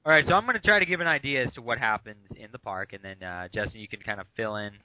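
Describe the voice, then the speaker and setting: A man's voice: on the low side, very fast, no room sound, dull audio. A man co-hosting a podcast, chatting casually and playfully about a novel, easily sidetracked. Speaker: podcast co-host. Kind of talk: casual book discussion.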